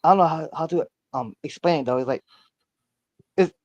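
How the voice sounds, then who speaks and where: A man tells his story over a muffled, lo-fi line. His voice sits a little high, and he rambles, stumbling over repeated words and fillers. The sound is dry and close. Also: a little fast, a little mellow, dry recording. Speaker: caller. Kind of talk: casual storytelling.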